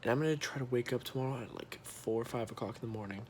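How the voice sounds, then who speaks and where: A man's voice: mid-range voice, very fast, a little hiss or hum. A young man talking casually to his viewers in a candid, rambling vlog, swearing freely. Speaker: vlogger.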